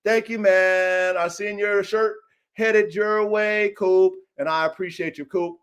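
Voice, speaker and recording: A man's voice: high voice, fairly even intonation, takes it slowly, a bit bright. A man hosting his own dog-training channel, talking in a brash, taunting, profane livestream rant, tacking "man" onto nearly every line.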